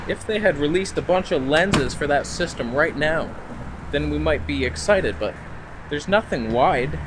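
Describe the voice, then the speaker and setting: A man's voice: on the high side, noisy background. Sarcastic, swearing camera reviewer man. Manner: sarcastic, profane ranting. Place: outdoors.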